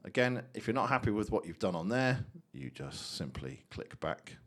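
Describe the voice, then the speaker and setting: Gravelly low-voiced man explaining. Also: very animated, normal speed. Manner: chatty, thinks aloud, chuckles often. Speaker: tutorial host. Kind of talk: casual software tutorial.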